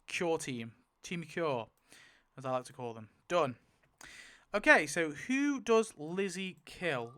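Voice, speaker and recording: A man thinking aloud in casual commentary as he spins a wheel to rewrite a story, swinging to loud outbursts. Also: fairly high pitch, clear, resonant tone. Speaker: YouTuber.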